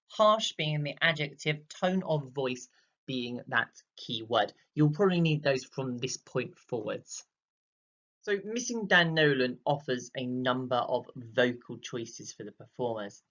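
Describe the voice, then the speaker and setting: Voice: medium pitch, pushed and bright, dull audio. A drama teacher giving a recorded lesson, explaining patiently with many fillers and acting out examples.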